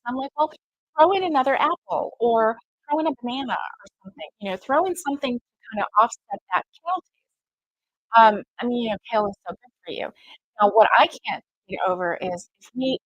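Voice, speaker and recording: Chatty woman, higher voice. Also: no echo, lo-fi sound. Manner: rambling, lots of fillers and quoted dialogue. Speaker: crochet vlogger. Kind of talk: casual storytelling chat.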